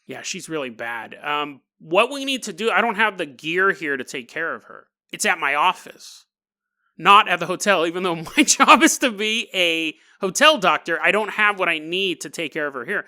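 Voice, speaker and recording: A man voicing a lazy, unhurried male hotel doctor who hums and drifts off task. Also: sits high, animated, pushed and bright, heavily acted. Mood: bored. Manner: lazy, meandering, hums to himself.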